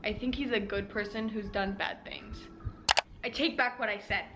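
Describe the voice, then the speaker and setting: A young woman book vlogger chatting casually, bubbly and excitable, with sudden squeals. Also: mid-range voice, moderate pace, over loud music. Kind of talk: casual reading vlog.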